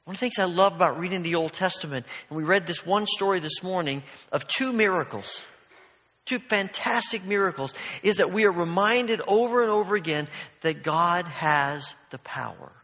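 A man's voice: high voice, expressive, normal speed, bright, forceful tone. A man preaching a sermon in a church, telling stories in a conversational way full of asides. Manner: storytelling, conversational, many asides. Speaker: pastor. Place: church sanctuary. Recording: long hall reverb.

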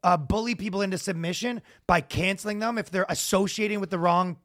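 A man's voice: high voice, fast talker, no echo, clean studio sound. A man in his thirties co-hosting a podcast in casual, rambling, profane chat. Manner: rambling, profane, animated with loud impressions. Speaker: podcast co-host.

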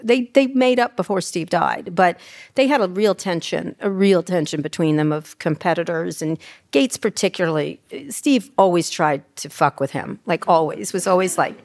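On a live event stage, a woman in her sixties is interviewed about her memoir, sharing irreverent, profane anecdotes and imitating the people in them. Her voice is fairly low-pitched and her speed is normal.

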